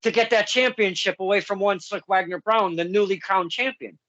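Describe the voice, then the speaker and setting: A man hosting an interview, casually recapping events in quick fragments before asking questions. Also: high-pitched, fairly bright tone, no room sound, muffled recording. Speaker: podcast host.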